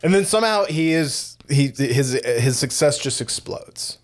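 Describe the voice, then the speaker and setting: A man's voice: mid-range voice, animated, measured pace. A man co-hosting a podcast, talking through a film in a loose, rambling way with many restarts. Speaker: podcast co-host. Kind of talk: casual film discussion.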